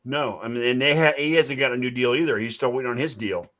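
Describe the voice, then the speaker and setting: A man co-hosting a sports podcast, talking haltingly and restarting his sentences. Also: medium pitch, a loud crowd. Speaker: podcast co-host. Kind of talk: casual sports banter.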